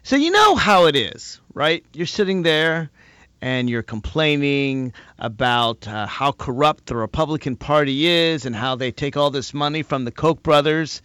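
A man's voice: medium pitch, a little slow, smooth, no room sound. Man, talk show host, political monologue, mocking tone, dry close sound. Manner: animated, mocks opponents' replies.

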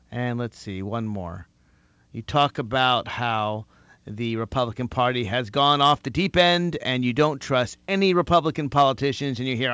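A man hosting a political talk show, delivering an animated monologue and mocking his opponents' replies. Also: mid-range voice, moderate pace, no echo. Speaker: host.

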